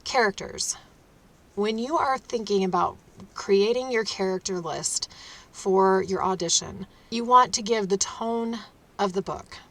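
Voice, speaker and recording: Woman narrator teaching authors, slow and emphatic, laughs a bit. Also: mid-range voice, fairly bright tone. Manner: emphatic, instructive, breaks into short laughs. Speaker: audiobook narrator and trainer. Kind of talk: instructional talk to authors.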